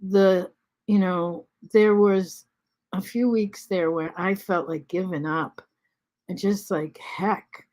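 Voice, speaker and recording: A woman of seventy-three talking in a halting, soft way at home, pausing with many ums and restarts. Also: on the low side, steady tone. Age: 70s. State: short of breath after covid. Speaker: vlog host. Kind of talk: casual spoken reflection.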